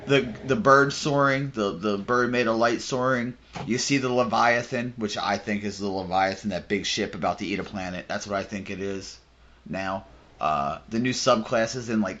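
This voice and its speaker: A man co-hosting a podcast, chatting casually and excitedly about a video game, with animated retellings. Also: fairly low pitch, highs cut off, slight background noise. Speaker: podcast co-host.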